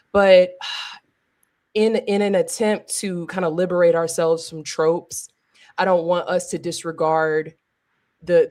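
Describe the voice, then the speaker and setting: A woman with a fairly low voice on a podcast panel. She speaks in a thoughtful, searching way, with the odd casual curse word. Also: darkish tone.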